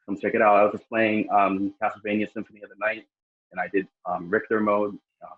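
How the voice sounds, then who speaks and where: A man's voice: lowish voice, little pitch movement, a little fast, phone-quality sound. A man guesting on a casual podcast, talking in a laid-back, rambling way about his streams.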